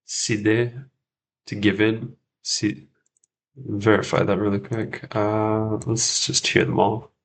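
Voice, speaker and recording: A man with a low, gravelly voice talks his way through a casual livestream study session. He speaks at an unhurried pace and in a flat tone, repeating each word to check himself. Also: slight background noise. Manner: thinks aloud, repeats words while checking himself. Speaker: French learner and livestream host.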